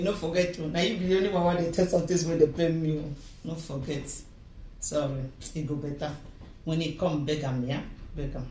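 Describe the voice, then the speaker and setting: A woman's voice: on the low side, darkish tone, far from the mic. This is a woman with a Nigerian accent playing a comic skit scene, and her voice is emphatic and pleading as she slips into pidgin. She stands well back from the mic in a roomy space, and a faint hum of ambience sits under her.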